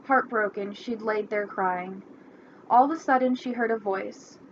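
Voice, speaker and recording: A young woman presenting a class assignment, reading a fairy tale in a friendly, unhurried way, in a slightly muffled recording with faint hiss. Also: mid-range voice. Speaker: student presenter.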